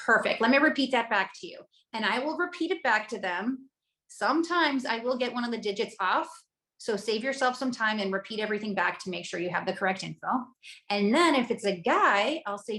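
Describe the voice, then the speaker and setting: A woman's voice: a little high, lively intonation, brisk, pushed and bright, echoey room, rough recording. A woman guest speaker giving sales coaching, enthusiastic and conversational as she walks through her script.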